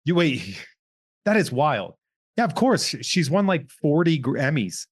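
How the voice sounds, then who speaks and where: A man's voice: on the high side, sing-song, husky. Joking man hosting a podcast. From Massachusetts. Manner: joking, quick interjections. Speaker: podcast host. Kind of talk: casual chat.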